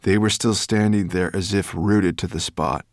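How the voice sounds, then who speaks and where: A deep-voiced male audiobook narrator reads a scripted story at normal speed, with an expressive, dramatic delivery. The recording is dry, with clean studio sound.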